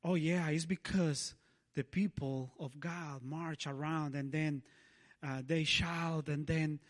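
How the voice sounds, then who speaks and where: A man preaching a sermon as a guest in a church, speaking haltingly with frequent restarts and laughs. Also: fairly high pitch, steady tone.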